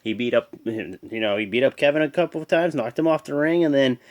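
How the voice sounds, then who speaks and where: A man hosting his own channel, giving a casual, rambling recap full of fillers and restarts, animated as he goes. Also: mid-range voice, quick pace. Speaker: host. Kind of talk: casual wrestling show recap.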